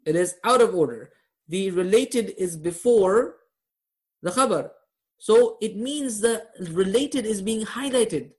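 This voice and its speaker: A man's voice: high-pitched, lively intonation, takes it slowly, darkish tone. A man teaching a live online grammar class over a video call, quizzing his students and laughing at his own jokes.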